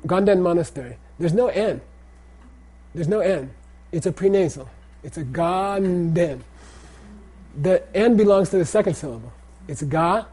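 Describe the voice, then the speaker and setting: Middle-aged male teacher, slightly raised husky voice, casual classroom lecture, keeps asking "okay?". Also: high-pitched, warm tone. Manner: repeats phrases and checks in with "okay?". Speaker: teacher of Tibetan language and Buddhist texts.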